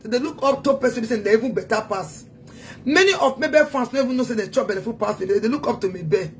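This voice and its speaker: A woman's voice: a little high, fast talker, slight background noise. A woman with a Nigerian accent delivering a heated, taunting social media rant as a self-styled activist. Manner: taunting, scolding, emphatic.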